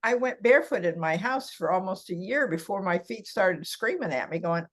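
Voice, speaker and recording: An older woman speaks as a podcast guest in a relaxed, conversational way. She is chatty and laughs easily, and she tells stories with animation. Her voice sits at a middle pitch. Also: normal speed. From California. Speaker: guest, massage therapist for seniors. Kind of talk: casual interview chat.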